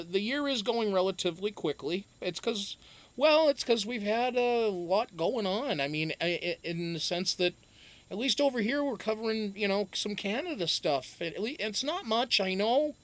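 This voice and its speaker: A man's voice: sits high, expressive, unhurried, fairly bright tone. Casual, cursing streamer man. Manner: rambling, profane, greets chat viewers by name. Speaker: live-stream show host. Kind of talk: casual live-stream chat.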